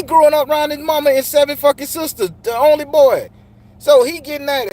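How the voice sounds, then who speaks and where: Animated and fairly quick, a middle-aged man addresses the men in his channel's audience with a blunt, profane, preachy casual monologue. His pitch is extremely high, with a slightly mellow tone.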